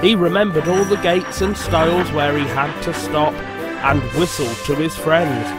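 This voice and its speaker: A man narrating a storybook in a slow, measured reading. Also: a little high. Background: background music.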